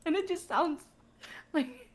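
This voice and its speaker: A woman's voice: extremely high pitch, slight background noise. A young Dutch woman with a Dutch accent, chatting casually as a podcast guest and laughing often. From Netherlands. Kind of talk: casual chat.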